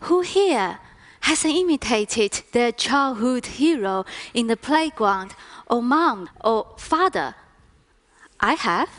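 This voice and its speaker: A woman from China whose first language is Chinese, speaking English on a lecture stage as a first-person interpreter, with slow, deliberate phrasing. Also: a little high, expressive. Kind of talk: stage talk.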